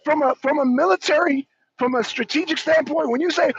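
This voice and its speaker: A man giving heated commentary on a talk show, ranting in a loud, profane, mocking way. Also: extremely high pitch, fast talker, slight background noise. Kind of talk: heated live-stream commentary. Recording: dull, dry lo-fi sound.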